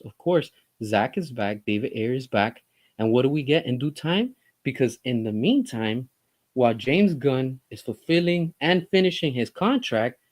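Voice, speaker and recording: A man's voice: medium pitch, darkish tone. Impassioned man ranting in commentary. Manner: impassioned, emphatic, full of rhetorical questions. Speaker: film commentary vlogger. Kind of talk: opinionated commentary monologue.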